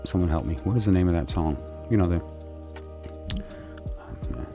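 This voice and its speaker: A man with an extremely deep, low voice, chatting casually and tiredly on a livestream. He rambles, circles back, and fills his gaps with plenty of ums and uhs. A faint bed of music plays quietly behind him. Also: animated, normal speed, pauses often. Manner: rambling and chatty, many fillers and restarts. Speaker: livestream host chatting with viewers.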